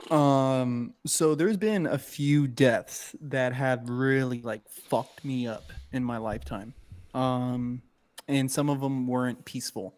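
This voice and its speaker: A man co-hosting a casual podcast, an animated storyteller who laughs often and swears freely. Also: medium pitch, takes it slowly. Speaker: podcast co-host.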